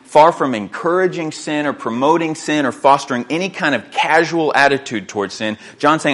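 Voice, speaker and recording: A man's voice: fairly high pitch, normal speed, hardly any pauses, fairly bright tone. A man preaching a sermon as pastor, reading scripture aloud and often repeating words as he works through his thoughts. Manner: earnest, repeats words while thinking, reads scripture aloud.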